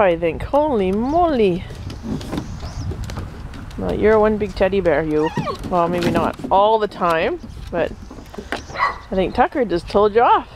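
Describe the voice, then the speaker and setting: A woman's voice: medium pitch, background noise. A woman filming her puppies, talking to them in sing-song baby talk and laughing often. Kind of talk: cooing at puppies while filming.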